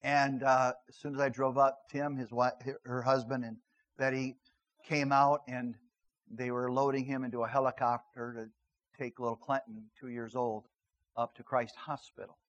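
A middle-aged man, a pastor, preaching a sermon and telling a personal story, moving between loud emphatic lines and hushed, earnest narration. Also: medium pitch, flat delivery, moderate pace, highs cut off.

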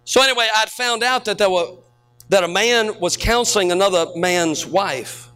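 A man preaching a sermon in an unusually high voice. His tone is bright and sharp, and he tells stories before climbing to shouted peaks. He sounds middle-aged and speaks as the pastor. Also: moderate pace, clear, resonant tone, soft background music.

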